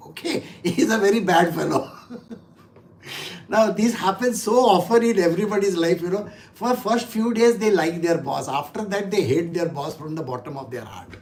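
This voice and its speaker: Chatty Indian English woman teaching scripture. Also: mid-range voice. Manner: chatty and explanatory, with many "you know" and "okay?" tags. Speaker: spiritual teacher. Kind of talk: conversational scripture lesson.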